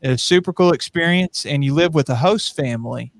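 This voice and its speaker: A man's voice: a little high, fast, vocal fry. Chatty man telling a travel story. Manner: relaxed, chatty with fillers and laughs. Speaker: podcast guest. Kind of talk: casual storytelling.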